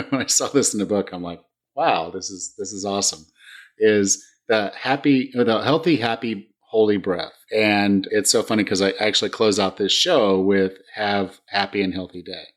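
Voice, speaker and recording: Male fitness podcast host in his forties, slightly low voice, casual and upbeat. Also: moderate pace. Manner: upbeat, chatty, frequent restarts. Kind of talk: casual interview chat.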